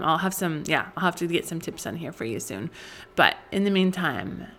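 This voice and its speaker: A woman's voice: lowish voice, sharp tone. A young adult woman hosting a faith-based podcast, talking earnestly and with feeling to mothers and often restarting her sentences. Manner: earnest and emotional, many restarts. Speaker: podcast host.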